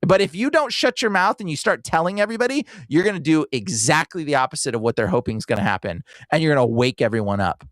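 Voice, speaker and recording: A man with a high, lively voice hosts a casual podcast chat, swinging his pitch up and down as he acts out the people he talks about. The sound is dry and close. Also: fast, few pauses, no room sound. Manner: animated, impersonates people he talks to. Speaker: podcast host.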